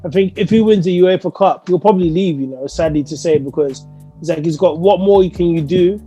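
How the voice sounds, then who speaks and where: Very high-voiced chatty man debating football. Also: fairly quick, dark tone, soft background music. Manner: chatty, argumentative, fillers like "you know what I mean". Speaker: football podcast co-host. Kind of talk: casual post-match chat.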